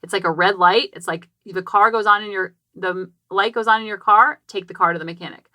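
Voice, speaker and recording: Bright-voiced chatty mom podcaster. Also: female voice, mid-range voice, a little fast, dry recording. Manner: chatty and animated, acting out quotes, many "like" fillers. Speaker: parenting podcast host. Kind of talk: personal storytelling. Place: small closet. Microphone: podcast microphone.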